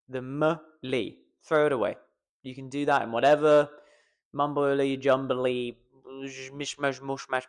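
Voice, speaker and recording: A man coaching pronunciation straight to camera, playful and self-mocking. His pitch leaps up and down as he draws out the stressed syllables for effect. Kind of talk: casual pronunciation lesson to camera.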